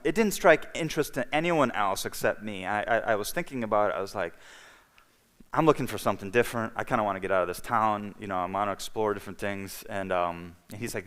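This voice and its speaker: A man's voice: mid-range voice, fairly bright tone. A man speaking at a church, telling a personal testimony in a rambling storytelling way, full of restarts. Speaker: church health week speaker.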